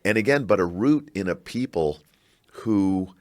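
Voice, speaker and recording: A middle-aged man from Chicago, a scholar talking in a podcast interview, reflective and halting with animated bursts. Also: sits low. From Chicago, United States. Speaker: guest, scholar and university provost.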